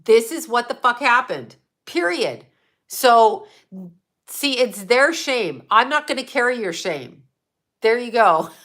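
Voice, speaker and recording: A woman's voice: on the high side, big pitch swings, slow, a bit bright. A woman hosting a casual livestream and answering her chat, talking in a blunt, profane, outspoken way.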